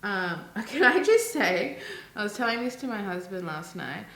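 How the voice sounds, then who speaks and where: Chatty bright-voiced woman vlogger. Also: medium pitch, normal speed, slight background noise. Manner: chatty, ranting, animated asides. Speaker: beauty vlogger. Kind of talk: casual makeup chat. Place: room at home. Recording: echoey room, faint ambience.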